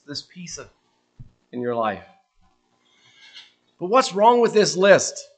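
A man preaching a sermon, earnest and questioning, letting his voice drop softly at the ends of phrases. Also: high-pitched.

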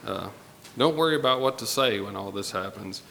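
A man's voice: lowish voice, lively intonation, creaky, fairly bright tone, a little hiss or hum. Man preaching in an echoing church. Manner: unhurried, pausing with fillers, reading scripture aloud. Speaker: pastor. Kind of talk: sermon. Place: church sanctuary. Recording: long hall reverb with faint ambience.

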